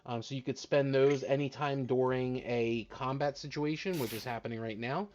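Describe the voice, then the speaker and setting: A man's voice: mid-range voice, fairly even intonation, moderate pace, a little mellow, lo-fi sound. A man narrating as dungeon master on a live-streamed tabletop game, casual and rambling with fillers.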